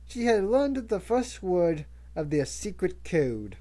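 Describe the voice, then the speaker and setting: A reader narrating a novel aloud in a measured way, with occasional stumbles and restarts. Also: medium pitch, very animated, mellow. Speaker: audiobook reader. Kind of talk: audiobook narration.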